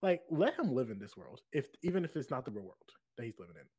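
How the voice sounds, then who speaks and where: Co-host with a husky voice that swings a lot in pitch, emphatic casual chat. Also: fast. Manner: expressive, laughs often, emphatic. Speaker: podcast co-host.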